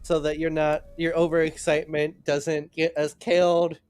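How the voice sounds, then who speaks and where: Brief: man voicing calm, motherly adventurer woman, firm, patient. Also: a little high, normal speed, clear, resonant tone, natural voice.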